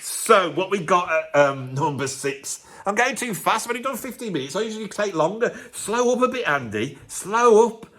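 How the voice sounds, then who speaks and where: A man's voice: high-pitched, big pitch swings, normal speed, few pauses, bright, forceful tone. A man, a musician hosting his own video channel, ranting in a mock-pompous, self-mocking way. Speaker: YouTube host and professional drummer. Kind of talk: sarcastic comedic rant to camera.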